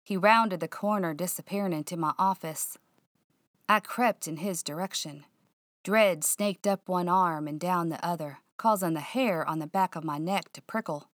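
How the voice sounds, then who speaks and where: Low-voiced woman narrating suspense. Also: moderate pace, no echo, studio quality. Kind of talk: first-person audiobook narration.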